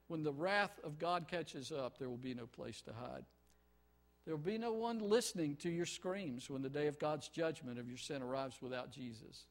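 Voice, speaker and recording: A man preaching a sermon with great passion, building to shouts and then dropping to quiet, pleading prayer. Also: fairly high pitch. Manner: impassioned, swings from shouting to hushed pleading.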